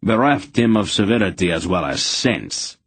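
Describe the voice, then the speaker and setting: A stiff, formal young knight as a man reads him delivers measured, old-fashioned lines in a low voice. The tone is husky and close, with a dry sound for an audiobook. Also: animated, fairly bright tone, no echo, full character voice. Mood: lofty.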